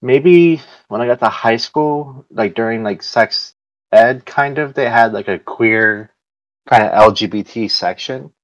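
A man's voice: medium pitch, a little slow, dry recording, muffled recording. A man, hosting a casual chat in a rambling way with many fillers. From United States. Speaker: podcast host.

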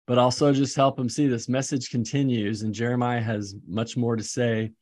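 A man's voice: medium pitch, level tone, moderate pace, a little mellow, no echo, studio quality. A man who teaches seminary, thinking aloud with enthusiasm and fillers while talking through lesson ideas. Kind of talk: casual teaching-prep chat.

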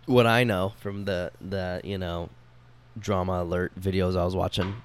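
A young man co-hosting a podcast, telling stories in an animated way, swearing and laughing often. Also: deep voice, normal speed, clean tone, dry recording. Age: young adult. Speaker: podcast co-host. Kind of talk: casual chat. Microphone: studio microphone.

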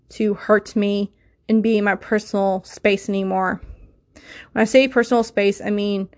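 A young woman hosting a solo podcast, talking in an emotional, insistent way and swearing often. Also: mid-range voice. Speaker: podcast host.

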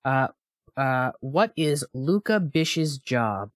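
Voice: mid-range voice, expressive, slow, dry recording, studio quality. A podcast host running a quiz on a co-host, in casual chat, playful and teasing.

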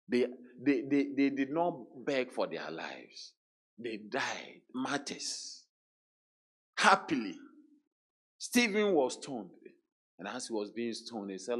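A man preaching a sermon, emphatic, repeating words and dropping into hushed quotes. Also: mid-range voice, expressive, takes it slowly, pauses often.

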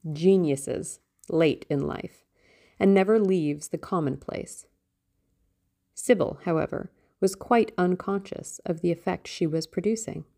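A woman narrating a classic novel in a measured, expressive reading. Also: on the low side, vocal fry. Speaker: audiobook narrator.

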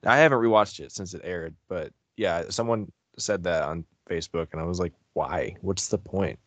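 A man co-hosting a podcast in casual chat, easygoing and quick to laugh. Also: low voice, a bit bright, no echo. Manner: easygoing, chatty, laughs often. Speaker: podcast co-host.

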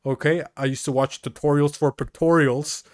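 A man's voice: a little high, fairly even intonation, normal speed, no echo. Casual male podcast storyteller from Mexico, rambling comic delivery, dead-dry room. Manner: rambling, peppers talk with "dude" and "you know". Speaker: podcast co-host.

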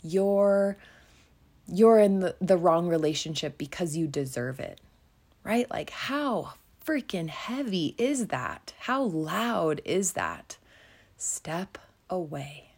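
A woman talks slowly and gently, her lowish voice carrying a gravelly edge. She hosts a reflective self-help podcast, encouraging the listener and at times softening into a whisper. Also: very animated. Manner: slow, soothing and encouraging, dropping to a whisper at times. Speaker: podcast host.

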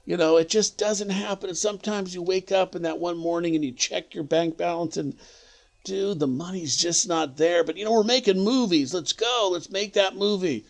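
A man's voice: sits high, normal speed, pitched above the performer's own voice. A man doing a breezy, broke movie producer who calls everyone dude.

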